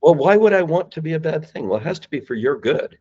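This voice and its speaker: This podcast guest, founder of a sales company, has a fairly high, slightly mellow, husky voice with lively intonation and a quick pace. Emphatic and acting out phone lines, he lets his voice rise and fall as he explains sales calls, though the audio is dull.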